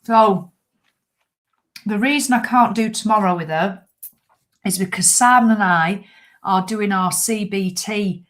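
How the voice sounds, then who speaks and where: A woman's voice: mid-range voice, a little slow, long pauses. Blunt, chatty woman. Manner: chatty, blunt and swearing, with animated retelling. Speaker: fitness vlogger. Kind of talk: casual chat to viewers.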